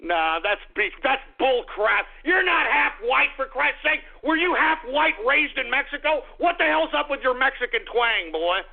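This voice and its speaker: A boisterous man hosting a call-in radio show, his fairly high voice rough with gravel. He talks crudely and bursts into shouts and whoops. The sound is thin and tinny, like a phone line. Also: big pitch swings, normal speed, hardly any pauses.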